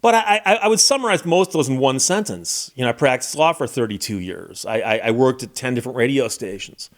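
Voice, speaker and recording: Speaking a little fast, the middle-aged American lawyer and YouTube host uses an expressive, medium-pitched voice. His talk is a casual, somber reflection marked by many restarts.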